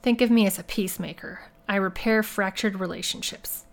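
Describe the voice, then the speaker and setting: A woman's voice: mid-range voice, a little fast, natural voice. A woman voicing Joe, a bold, self-assured male investigator, in an audiobook reading. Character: cocky male private investigator, calm and bold.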